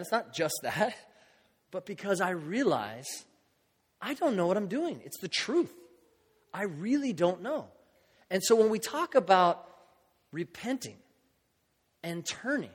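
High-voiced man preaching in a reverberant hall. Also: breathy edge. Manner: conversational, acts out quoted voices. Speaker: pastor. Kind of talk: sermon.

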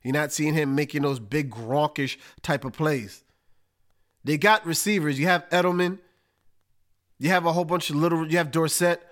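A man hosting a casual sports talk show, breaking down football matchups in an emphatic, animated way with slang. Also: fairly high pitch, normal speed. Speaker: podcast host.

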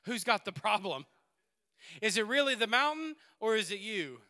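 A man preaching a sermon in a church, swinging between loud exhortation and quiet asides and laughing often. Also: high voice, very animated, normal speed. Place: church sanctuary.

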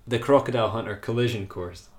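A man's voice: mid-range voice, fast talker, a little mellow. A man hosting a podcast, rambling casually and swearing freely as he talks through a film. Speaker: podcast host. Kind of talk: casual film review chat. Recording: roomy echo.

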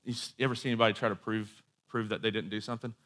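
A man's voice: fairly low pitch, fairly even intonation, racing, a bit bright. A man preaching a sermon in a conversational storytelling way, with asides and quoted voices.

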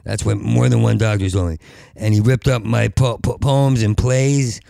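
A man hosting a podcast in a rambling monologue, with a heavy stutter that repeats syllables, and at times rising to a loud urgent plea. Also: fairly low pitch, steady tone, moderate pace, gravelly, dry recording, studio quality. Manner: rises to loud urgent pleading. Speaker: podcast host.

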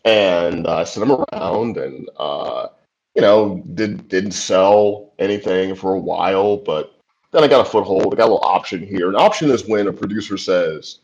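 A man's voice: deep voice, moderate pace, a little mellow. A man in his forties, a screenwriter being interviewed, telling stories in a loose, chatty way, full of "like" and "you know" asides and easy laughter. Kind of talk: casual storytelling. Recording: dull lo-fi recording.

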